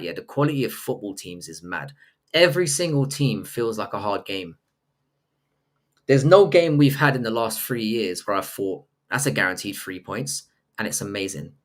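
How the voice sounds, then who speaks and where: A man hosting a live stream, reading viewer messages aloud and answering with crude, profane jokes. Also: mid-range voice. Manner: crude, profane, joking banter with chat. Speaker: livestream host reading chat. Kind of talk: casual live-stream chat.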